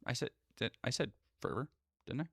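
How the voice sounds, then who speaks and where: A man's voice: medium pitch, fairly quick, vocal fry, a bit bright, breathy edge, dry recording, clean studio sound. A man live streaming, rambling through sarcastic casual commentary with lots of restarts.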